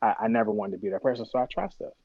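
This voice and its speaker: A man's voice: fairly low pitch, rapid-fire, no room sound, lo-fi sound. A man guest on a podcast, telling stories in a casual way, acting out the voices of the people in them and swearing freely. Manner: animated storyteller acting out quoted dialogue, swears freely. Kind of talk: casual storytelling interview.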